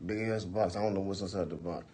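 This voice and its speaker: Husky man telling a wild story. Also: deep voice, fast. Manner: animated, profane, re-enacts quotes loudly. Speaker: livestream host. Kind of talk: casual storytelling.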